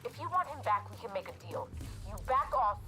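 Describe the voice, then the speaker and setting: A woman's voice: medium pitch, sing-song, fairly quick, music in the background, natural voice. An actress playing a taunting female kidnapper in a video game, speaking in a mocking, smug way over a radio channel.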